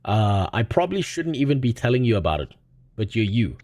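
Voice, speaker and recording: Young man streamer, casual gaming chat, rambling, deadpan crude humor, mid-pitched voice, faint background hum. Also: a little fast.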